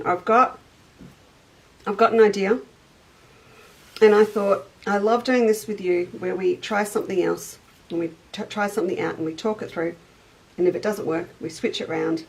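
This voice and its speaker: A woman's voice: mid-range voice, gravelly, poor audio. A middle-aged woman hosting a casual live sewing chat, greeting viewers by name as she goes. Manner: chatty, greets viewers by name, eats on air. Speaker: shop owner and livestream host.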